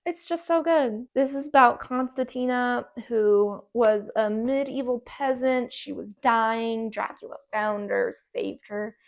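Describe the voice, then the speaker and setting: Hyped-up woman recommending books, fry-heavy and a bit high, repeating herself. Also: fairly even intonation, measured pace, hardly any pauses. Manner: gushing, enthusiastic, repeats herself. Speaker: book vlogger. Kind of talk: casual book recommendations.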